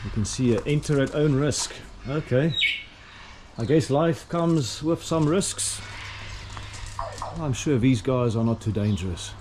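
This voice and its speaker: A man's voice: lively intonation, unhurried, long pauses. A middle-aged man, vlogging casually on a walking tour and cooing at the birds in a sing-song voice as he goes. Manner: chatty, coos at birds in a high sing-song voice. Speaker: travel vlogger. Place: outdoor bird park. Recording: outdoor clip with loud bird noise.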